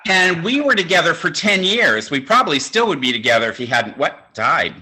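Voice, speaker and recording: A man's voice: on the high side, very animated, brisk, a crowd in the background, low-quality recording. A man in his sixties doing stand-up comedy, telling campy, self-mocking stories. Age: 60s.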